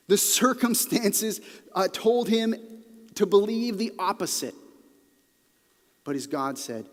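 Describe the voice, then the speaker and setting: A male pastor preaching a sermon with earnest emphasis, sometimes dropping to a quiet, intense delivery. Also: sits high, animated, slow pace, pauses often. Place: church auditorium. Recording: long reverb of a large hall.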